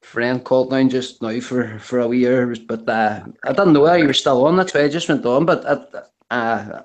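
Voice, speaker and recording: A man's voice: mid-range voice, normal speed. Rambling man swearing in casual chat. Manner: rambling, heavy cursing, stop-start. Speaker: guest caller.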